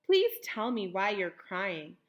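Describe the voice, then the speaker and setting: A woman's voice: mid-range voice, big pitch swings, slow pace. A woman voicing a poor young servant girl, meek and wistful, in a raised voice.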